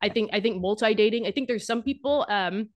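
A woman's voice: medium pitch, fairly quick. A young woman who makes dating content, talking casually and with humor in an interview, full of fillers and restarts. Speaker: guest, dating content creator.

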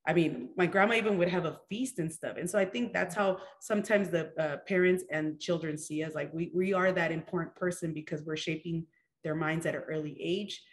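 A woman's voice: on the low side, a little fast. A woman in her forties, a children's program director, talking in a rambling way with lots of fillers and restarts. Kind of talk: casual interview chat.

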